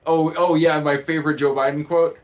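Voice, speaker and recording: A man's voice: fairly high pitch, little pitch movement, a little fast. A man from the United States who runs the chat on a live cooking stream, rambling and joking and laughing often. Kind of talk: casual livestream chat.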